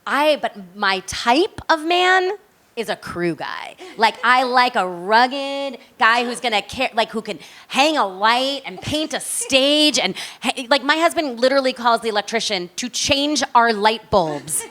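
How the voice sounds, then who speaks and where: A woman chatting as an interview guest, telling long, animated, rambling stories. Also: fairly high pitch, unhurried. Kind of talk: casual chat.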